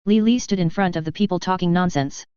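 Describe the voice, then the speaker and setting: In a quick, even delivery, a steady narrator works through a fantasy audiobook. The smooth, middle-pitched voice comes through a dry, slightly muffled recording with no room sound.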